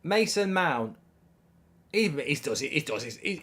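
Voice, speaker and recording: A man hosting a live football watchalong, reacting to the match and reading viewer comments in an excitable, animated way, often stumbling and restarting his sentences. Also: on the high side, unhurried. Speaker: host of a football watchalong stream.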